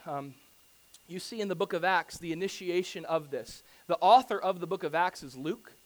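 Pastor, male, high voice, emphatic sermon delivery that swells from hushed to loud, rhetorical questions. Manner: builds from quiet to loud and urgent, rhetorical questions; emphatic preaching, quotes scripture.

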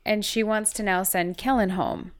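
A woman's voice: medium pitch, steady tone, moderate pace. A woman co-hosting a podcast, chatting casually and retelling what happened in an episode. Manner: chatty, storytelling recap. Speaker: podcast co-host. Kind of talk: casual recap chat.

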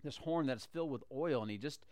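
A man retelling a Bible story in a lively, conversational way, often restarting phrases. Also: mid-range voice, fairly quick, dry recording, studio quality.

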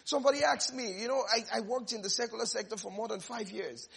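Man, middle-aged, high voice, husky, animated sermon, repeats words. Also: fast. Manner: animated, repeats words, laughs between phrases. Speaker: preacher.

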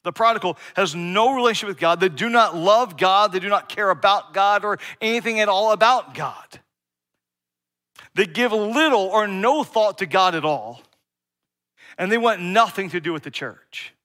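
Pastor guy preaching, high bright voice, chatty, keeps asking the crowd "right?". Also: normal speed. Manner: conversational preaching with frequent "right?" asides. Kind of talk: sermon.

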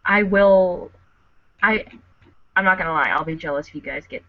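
A woman's voice: lowish voice, unhurried, no room sound. A woman co-hosting a casual podcast chat over a remote call, tipsy from drinking and full of joking, teasing banter. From United States. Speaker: podcast co-host. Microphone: remote call mic. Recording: dull lo-fi remote audio.

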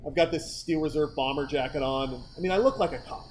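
A middle-aged man telling bar stories in casual chat, animated, acting out the voices of the people he quotes and laughing often. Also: on the high side, fast, slight background noise, low-quality recording. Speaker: podcast guest telling stories.

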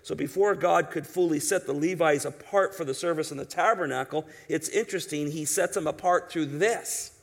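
A man's voice: a little high, moderate pace, few pauses. A man preaching an expository sermon in an emphatic, conversational way, asking his listeners rhetorical questions. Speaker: pastor.

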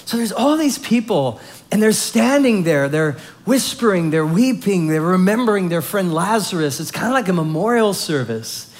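Male pastor, slightly high voice, casual animated sermon delivery. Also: normal speed. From Southern California. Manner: conversational, animated storytelling with fillers.

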